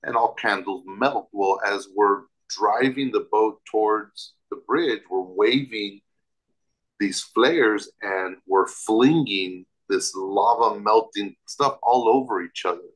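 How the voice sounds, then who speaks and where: A man with a somewhat low voice, speaking slowly, tells a personal story as an interview guest. He's vivid and emphatic, restarting phrases as he goes, and the audio quality is poor.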